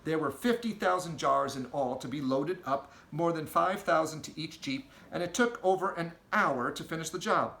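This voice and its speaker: A man reads a storybook aloud with an expressive, storytelling lilt. His voice is bright and slightly raised in pitch. It echoes around the room he records in. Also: moderate pace, creaky, hardly any pauses. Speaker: audiobook reader.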